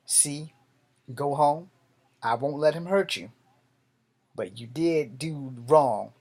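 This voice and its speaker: A man voicing his stern old-school father, gruff and blunt, scolding his son with profanity. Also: fairly high pitch, takes it slowly, darkish tone.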